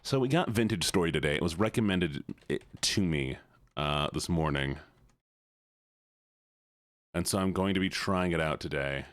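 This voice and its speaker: A man's voice: low-pitched, lively intonation, normal speed, long pauses, fairly bright tone, no room sound, studio quality. A man streaming live, chatting with his viewers in a playful, teasing way.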